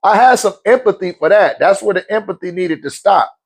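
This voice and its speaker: A man's voice: sits high, brisk, husky. A man hosting a casual Q&A, telling a story bluntly with lots of swearing and frequent laughter. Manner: blunt, profane, laughs often, lively swings. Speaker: host.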